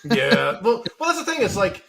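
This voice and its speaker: A man's voice: high voice, very animated, moderate pace, vocal fry, fairly bright tone, slight background noise. A man, a comic book author, chatting casually as a guest and laughing often. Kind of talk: casual chat.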